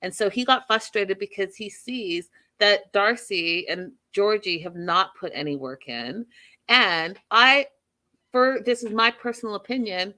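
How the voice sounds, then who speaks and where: A woman's voice: mid-range voice, a little slow, pushed and bright. A woman hosting a show, recapping a reality TV episode in a chatty, emphatic way and addressing her listeners directly. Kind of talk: casual recap commentary.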